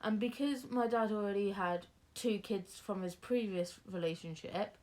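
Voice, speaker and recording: A woman's voice: medium pitch, normal speed, a little mellow. A young woman, chatting casually through a Q&A, rambling with lots of fillers and restarts. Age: young adult. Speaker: vlogger. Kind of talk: casual Q&A chat.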